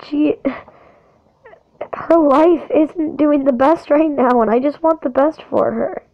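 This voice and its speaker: A woman's voice: high-pitched, slow pace. A woman filming a heated, defiant rant to camera for her channel, speaking with hard emphasis. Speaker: channel owner. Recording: dull lo-fi audio.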